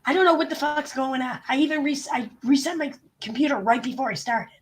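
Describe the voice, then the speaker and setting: A woman live streamer, sick with a bad cold and clearing her throat, chatting bluntly and swearing freely as she greets her viewers. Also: sits high, fairly quick. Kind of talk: casual livestream chat.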